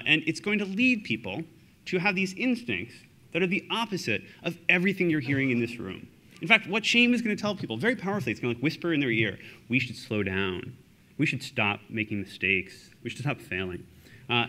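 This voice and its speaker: A man giving a conference talk, chatty with many fillers and restarts, acting out quoted people with sudden jumps in pitch. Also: bright, forceful tone. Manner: acts out quoted voices with big pitch jumps. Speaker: conference speaker. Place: conference hall.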